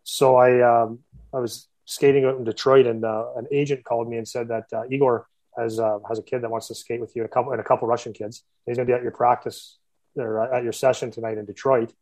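A man's voice: medium pitch, flat delivery, fast, darkish tone, low-quality recording. Rambling man telling stories. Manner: rambling, self-interrupting, laughing asides. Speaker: hockey skills coach. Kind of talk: casual storytelling.

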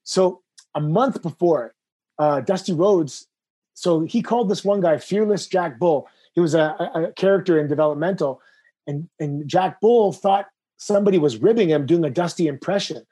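A man's voice: on the high side, moderate pace, slightly rough. A man telling stories as a guest in casual chat, acting out the voices of people in his anecdotes. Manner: animated, acts out voices in anecdotes. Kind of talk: casual storytelling.

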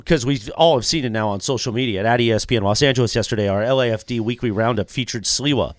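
A man co-hosting a sports radio show, telling rambling stories in an animated way. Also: medium pitch, fast, no echo, studio quality. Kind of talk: casual sports radio banter. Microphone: studio microphone.

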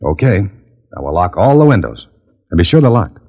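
An actor playing a dry, wisecracking adventurer who also narrates, in 1940s radio acting. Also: male voice, low-pitched, sing-song, normal speed, husky, exaggerated voice. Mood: confident. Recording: dull old radio recording.

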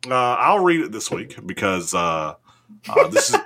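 A man's voice: on the low side, sing-song, normal speed, sharp tone. A man co-hosting a casual podcast, reading out news items and joking around with lots of laughter. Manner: laughs often, jokey. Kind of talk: casual chat.

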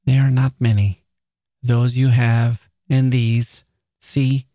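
A man voicing a frail, proud dying woman writer who speaks in a soft, earnest whisper, recorded dry and close. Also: medium pitch, level tone, takes it slowly, dry recording, natural voice.

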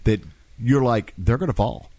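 A man's voice: mid-range voice, animated, normal speed, warm tone, dry recording. A man hosting a casual chat, rambling through stories and laughing often.

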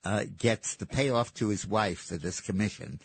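A man's voice: lowish voice, normal speed, breathy edge, dry recording. A man hosting political talk radio, speaking in an emphatic, sardonic way. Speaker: radio talk show host.

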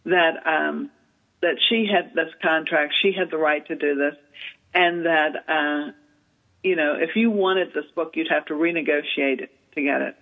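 A woman, telling an animated story as an author and literary agent guest in an interview, with many fillers. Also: deep voice, measured pace, gravelly. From Southern United States. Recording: tinny phone-line radio sound.

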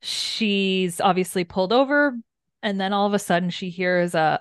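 A young woman co-hosting a book podcast, calmly recapping the plot in casual chat. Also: medium pitch, moderate pace, clean tone, no room sound, studio quality. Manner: calm recapping, agreeable murmurs.

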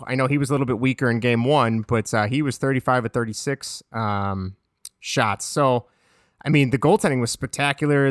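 A man's voice: medium pitch, fairly bright tone, dry recording, clean studio sound. A young man co-hosting a casual hockey podcast, rambling with many restarts. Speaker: podcast co-host.

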